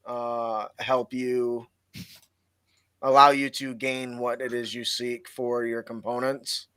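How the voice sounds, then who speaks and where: A man running a tabletop game as game master, explaining slowly with many fillers and restarts. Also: mid-range voice, level tone, pushed and bright, clean tone, no room sound. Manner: halting, filler-heavy explaining.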